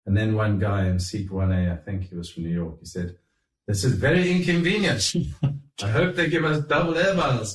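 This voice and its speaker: A middle-aged man telling anecdotes in an animated, chuckling way, acting out what others said. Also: on the low side. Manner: animated, chuckling raconteur who acts out quotes. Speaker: guest telling stories. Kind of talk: anecdotal storytelling. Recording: roomy, distant mic.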